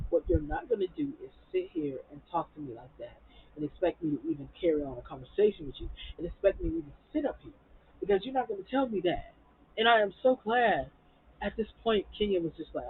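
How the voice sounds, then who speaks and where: Profane, high-pitched reviewer on tinny audio. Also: male voice, big pitch swings, a little fast, a little hiss or hum. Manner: blunt, profane, heated ranting. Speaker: reality TV reviewer. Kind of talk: TV episode recap and review.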